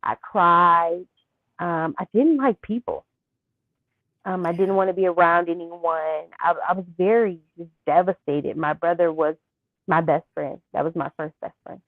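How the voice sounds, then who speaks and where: A young woman interviewed as a guest, telling a personal story softly and haltingly, with many fillers. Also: fairly low pitch, no echo. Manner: soft-spoken, halting with fillers. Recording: thin phone-like line.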